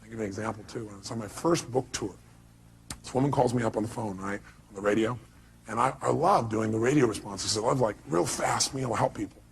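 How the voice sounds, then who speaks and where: A man's voice: on the low side, quick pace, creaky, a little hiss or hum, low-quality recording. A man giving an emphatic motivational speech to a live audience, firing off rhetorical questions. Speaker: motivational speaker.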